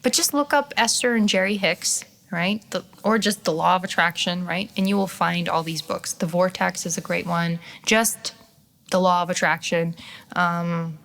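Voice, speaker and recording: A woman's voice: on the low side, normal speed, gravelly. Chatty young woman livestream host. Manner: chatty, laughs often, swears casually, animated quoted voices. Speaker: podcast host and skincare business owner. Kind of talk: casual livestream chat.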